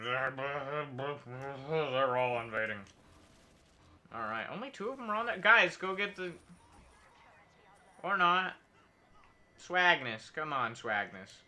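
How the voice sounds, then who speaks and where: A man's voice: fairly high pitch, bright, forceful tone. A man streaming a video game, talking casually and joking in a rambling, mock-patriotic way. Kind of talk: casual gameplay commentary.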